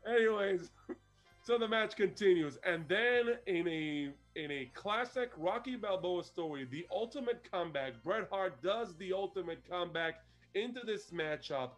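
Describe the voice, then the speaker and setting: A man with a high voice co-hosts a casual review podcast. He recounts events in an animated way and laughs often, with faint music playing behind him. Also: measured pace. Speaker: podcast co-host. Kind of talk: casual chat reviewing a wrestling show.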